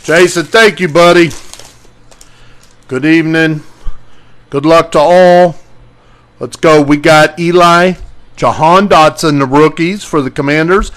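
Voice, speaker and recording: A man hosts a live sports card break, reading out each player as the packs open and greeting viewers by name. His voice sits a bit high for a man, and he takes his time with every call. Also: fairly even intonation, a little slow, long pauses, fairly bright tone.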